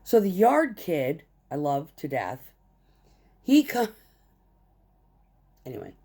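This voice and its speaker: A woman's voice: sits low, wildly swooping pitch, slow pace, mellow, husky. A woman truck driver telling a heated, profane story about a work conflict in short clipped phrases. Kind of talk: casual storytelling rant.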